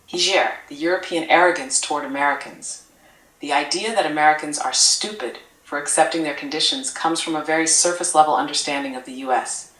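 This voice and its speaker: This is a computer-made woman's voice playing an affectionate AI assistant. It sits low but sounds bright and crisp. It strings its points into gentle lists, and it echoes around a room as if played through a speaker. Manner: doting, calls the listener sweetheart, measured list-like cadence. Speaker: AI chat assistant. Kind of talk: affectionate scripted-sounding replies.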